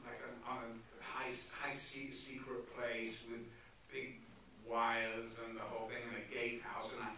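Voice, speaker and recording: A man's voice: mid-range voice, measured pace, a little hiss or hum. A man telling anecdotes onstage as a guest at a film screening, acting out the people in his stories. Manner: animated storyteller acting out quotes. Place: large theatre hall. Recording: echoey theatre from far off.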